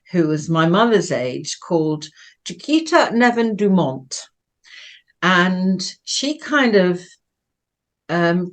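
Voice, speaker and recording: A woman of about seventy from Manchester, England, recounts her past as an interview guest. She talks in a loose, rambling, chatty way, trailing off and laughing as she goes, and her voice sits a little low for a woman. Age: around 70. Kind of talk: personal storytelling.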